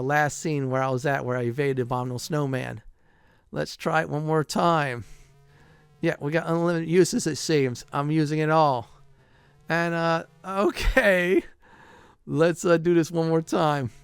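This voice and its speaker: A man's voice: fairly high pitch, smooth, no room sound. A middle-aged man giving casual commentary over a video game playthrough, chatty, with lots of "uh" fillers and frequent chuckles. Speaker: gameplay commentator.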